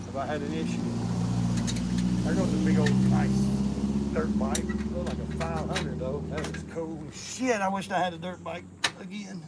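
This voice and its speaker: A man's voice: fairly high pitch, heavy background noise. Rambling, cussing man with a slight lisp. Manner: swears freely, rambling and joking, talks to live viewers. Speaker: motorcycle vlogger. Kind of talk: casual chat while wrenching.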